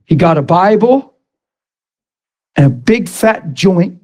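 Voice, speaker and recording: High-pitched male preacher, fervent storyteller who repeats himself and bursts into shouts. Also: animated, slow. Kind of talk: sermon.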